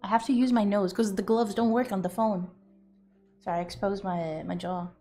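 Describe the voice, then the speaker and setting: A woman's voice: medium pitch, fairly even intonation, moderate pace, mellow, faint music behind. A young woman streaming, chatting casually and rambling with giggles and loose swearing. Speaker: streamer and artist.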